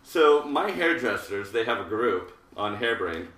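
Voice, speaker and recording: A hairdresser in his thirties hosts a live haircutting show, rambling casually and tossing in jokey asides as he works. His voice sits fairly low with big pitch swings, a measured pace and a fairly bright tone. The live-stream audio sounds roomy and distant.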